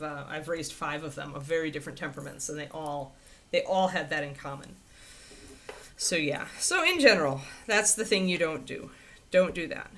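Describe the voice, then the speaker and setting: Chatty, animated woman livestream host. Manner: chatty and rambling, with frequent laughs; animated, swinging pitch into playful quoted voices. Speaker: livestream host answering viewer questions. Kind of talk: casual chat.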